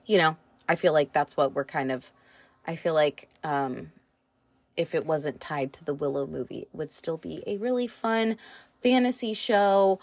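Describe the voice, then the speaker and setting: A woman hosting a solo podcast review, rambling and excitable, swearing casually and laughing often, with lots of fillers. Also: low-pitched, dry recording. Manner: slow, drawn-out delivery with many fillers. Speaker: podcast host.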